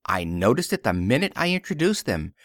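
A man reading the part of a bright, warm-hearted young woman in a storybook, speaking briskly and eagerly. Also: medium pitch, very animated, dry recording, studio quality.

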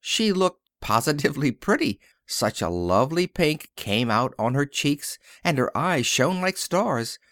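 An impulsive, warm-hearted young woman from an old-fashioned story, as a man reads her lines. She talks brightly and eagerly, her pitch lively. The recording is dry and close. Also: measured pace, few pauses, no echo.

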